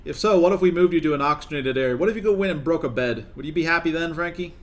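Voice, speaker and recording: A man's voice: on the high side, very fast. A young man streaming a colony game, talking to his characters in a coaxing, exasperated way. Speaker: gaming streamer. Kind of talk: live gameplay commentary.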